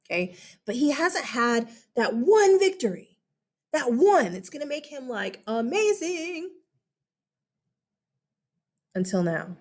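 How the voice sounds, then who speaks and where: A woman, giving a chatty classroom history lecture and often checking in with "okay?". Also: high-pitched. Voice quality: slight lisp. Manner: chatty, animated, keeps checking in with 'okay?'. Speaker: history teacher.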